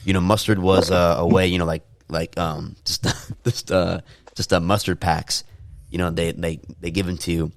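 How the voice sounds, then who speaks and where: A young man in casual podcast chat, telling animated stories and shouting the quoted lines in high voices. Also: normal speed, creaky, dry recording. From California. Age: young adult. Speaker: podcast co-host.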